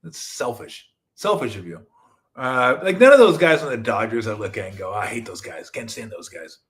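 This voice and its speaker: Excitable rambling sports-talk man. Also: on the low side, moderate pace. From Southern California. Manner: rambling, excitable, jokey, with sudden loud outbursts and mumbled asides. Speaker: sports talk show host. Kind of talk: casual solo sports talk.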